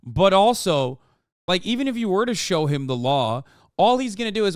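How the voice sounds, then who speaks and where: A man streaming his reaction to a video, loud, swearing and animated. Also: high-pitched, moderate pace, clean tone, dry recording, clean studio sound. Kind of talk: live reaction commentary.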